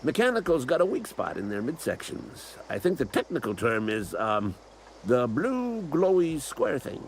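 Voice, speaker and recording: A grizzled old rebel who sees killer robots everywhere, gruff, dry humor, lively pitch. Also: male voice, normal speed, slight background noise. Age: older. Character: old male resistance leader, paranoid about robots. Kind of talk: video game character dialogue.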